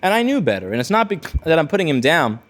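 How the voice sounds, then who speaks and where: Man, video host, casual storytelling, blunt, rambling, slightly high voice. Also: big pitch swings, fast talker. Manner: rambling, self-correcting, blunt. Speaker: repair-shop video host.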